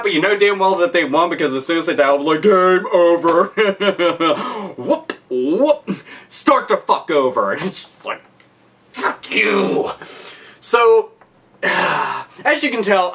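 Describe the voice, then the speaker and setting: A man delivering a profane, animated rant about video games, swearing constantly. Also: high-pitched. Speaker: video game commentator.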